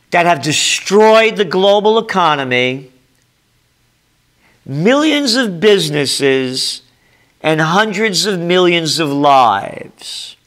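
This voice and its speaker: A man's voice: high-pitched, a bit bright. An older man with a New York accent, giving a ranting commentary with sarcastic, emphatic delivery. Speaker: trend forecaster.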